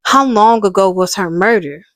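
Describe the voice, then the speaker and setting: A woman's voice: medium pitch, normal speed, a bit bright, no echo, studio quality, natural voice. A woman voicing a cunning, evasive young Englishman in a put-on British accent. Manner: cool, cunning delivery.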